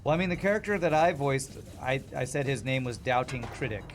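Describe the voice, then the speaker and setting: A man's voice: medium pitch, lively intonation, a little fast, soft background music. A man chatting casually as he streams a game, rambling and laughing often. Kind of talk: casual gameplay commentary.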